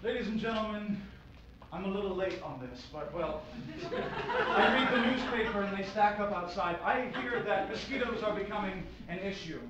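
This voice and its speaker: A man's voice: sits high, moderate pace, lo-fi sound, very noisy, voice pushed down, natural voice. A man playing a pompous male public speaker on a comedy stage, delivering a grandiose, mock-formal address while switching between foreign accents. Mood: mock-grave. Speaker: improv performer. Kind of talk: improvised comic monologue in shifting accents. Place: small comedy club stage. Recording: echoey comedy club, mic from far off, audience.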